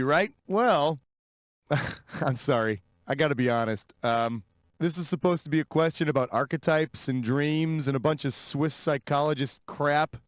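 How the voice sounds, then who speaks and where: A man's voice: fairly high pitch, lightly acted. An actor playing a wisecracking male quiz show host in a video game, with a sarcastic, teasing, punchy comic delivery. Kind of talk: scripted game show hosting.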